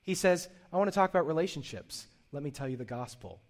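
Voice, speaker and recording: A man's voice: fairly high pitch, animated, fast talker, darkish tone. A man preaching a sermon in an earnest, conversational way, with frequent restarts and asides. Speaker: pastor.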